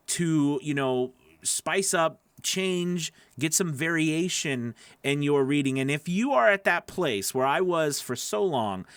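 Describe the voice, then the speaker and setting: A man with a slightly higher voice gives a relaxed lesson on narration. He acts out sample lines with his voice swinging up and down, filling his speech with restarts and "you know." The recording is dry and close. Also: no echo. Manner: animated, demonstrates readings, many fillers and restarts. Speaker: voice-over coach. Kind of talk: teaching talk to camera.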